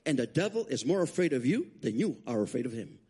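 A man's voice: quick pace, a little hiss or hum. A man from Rico, preaching a storytelling sermon as a guest speaker in a church, acting out his quotes with big leaps in voice. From Puerto Rico. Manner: animated, acts out quotes with big pitch jumps. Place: church sanctuary.

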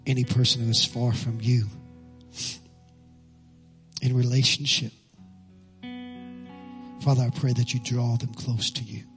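A man's voice: medium pitch, flat delivery, a little slow, long pauses, soft background music. A male pastor preaching with passion, leading the congregation in call-and-response and then praying. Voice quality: husky. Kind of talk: sermon and prayer. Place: church sanctuary.

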